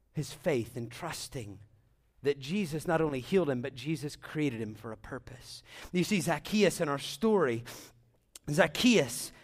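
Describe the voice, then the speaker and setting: A man preaching a sermon, telling a story with dramatic swings between loud, excited bursts and hushed, slow phrases, often repeating words as he goes. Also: a little high.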